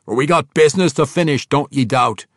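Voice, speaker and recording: A man voicing a proud, gruff old dwarf king with a rough folksy brogue. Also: mid-range voice, a little fast, fairly bright tone, no room sound, clean studio sound, voice pushed up, close to an everyday voice. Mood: determined.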